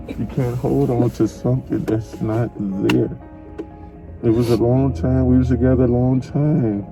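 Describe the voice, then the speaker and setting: A middle-aged man, a father, crying as he tenderly tells his son he loves him, repeating himself often. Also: medium pitch. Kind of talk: emotional family conversation.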